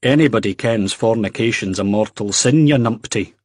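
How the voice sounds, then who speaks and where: A man's voice: on the low side, moderate pace, darkish tone, slightly rough, no echo, clean studio sound. A man voicing a brash young Scottish man who talks bluntly and teasingly, with a Scottish accent.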